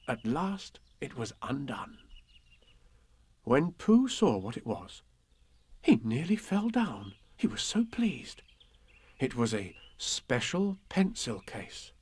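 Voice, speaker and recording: Gentle man reading a storybook. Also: medium pitch, big pitch swings, slow pace, breathy edge. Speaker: narrator.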